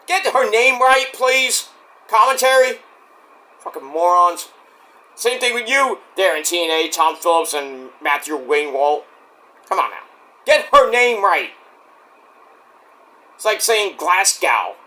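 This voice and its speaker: A man giving a casual solo review of a wrestling show, excitable and profane, breaking into rants. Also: high-pitched, moderate pace, long pauses.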